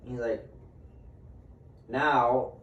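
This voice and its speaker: A man's voice: mid-range voice, steady tone, very slow, highs cut off. A man casually telling a story among friends, swearing freely and acting out what people said. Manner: swears freely and acts out quoted dialogue. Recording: roomy sound from a distant mic, faint ambience.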